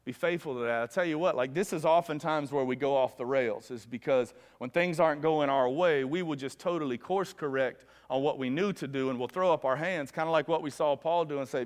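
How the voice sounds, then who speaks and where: A male pastor preaching a sermon with fervor, his voice swinging from hushed lows to loud, ringing peaks. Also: fairly quick, hardly any pauses. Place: church sanctuary. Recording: long reverb of a large hall.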